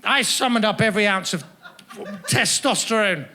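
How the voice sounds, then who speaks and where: A man's voice: sits high, lively intonation, moderate pace, sharp tone. A man doing stand-up comedy on a festival stage, teasing the audience with florid, mock-formal, pompous phrasing into a handheld mic. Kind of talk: stand-up comedy with crowd work. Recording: noisy live audience laughter.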